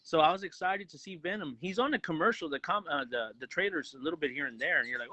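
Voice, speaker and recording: Bright, excitable man ranting about movies. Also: fairly high pitch, fast talker, hardly any pauses, low-quality recording. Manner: excited, profane, acts out quotes. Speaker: podcast co-host, movie reviewer. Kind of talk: casual movie review chat.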